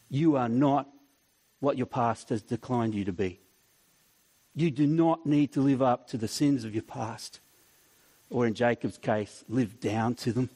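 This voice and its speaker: A man preaching a sermon, telling stories and acting out voices, at times dropping to a soft, tender tone. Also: mid-range voice, slightly rough. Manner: storytelling, acts out voices, drops to soft tender tone. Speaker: pastor.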